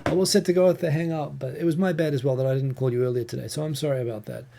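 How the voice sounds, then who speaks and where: A man's voice: mid-range voice, steady tone, rapid-fire, vocal fry, dark tone. A man with a New Zealand accent hosting a casual live Q&A, reading viewer questions and answering in a chatty, rambling way with frequent ums and restarts. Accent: New Zealand English.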